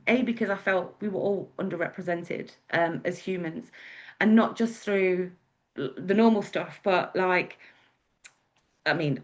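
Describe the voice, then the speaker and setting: Chatty English woman, lowish voice. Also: lo-fi sound. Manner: chatty and meandering, many fillers. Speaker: guest speaker, wedding celebrant. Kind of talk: casual storytelling talk.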